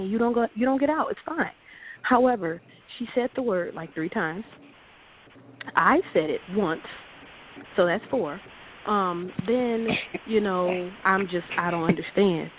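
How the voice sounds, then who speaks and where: A woman's voice: medium pitch, a little slow, a little hiss or hum. Woman caller on a tinny phone line. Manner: animated, laughing, acts out quotes. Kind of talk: casual storytelling on call-in radio.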